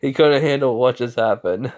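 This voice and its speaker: This storyteller has a mid-range, slightly mellow voice at normal speed. He is casually narrating fan fiction off the cuff, rambling and peppering it with "like" and "you know."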